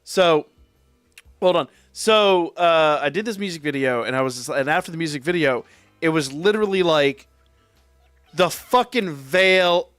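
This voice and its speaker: A rambling man swears freely as he tells a story on a live stream. His voice sits a little high and sounds dry and close, with soft music playing behind him. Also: a little slow, smooth, no echo. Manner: rambling, profane, animated storyteller.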